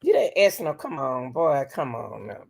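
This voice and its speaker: Animated woman host reacting to a trial. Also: very deep voice, moderate pace, vocal fry, husky. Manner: emphatic, incredulous, breaks into laughter. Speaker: livestream commentary host. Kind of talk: casual reaction commentary. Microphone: livestream computer mic.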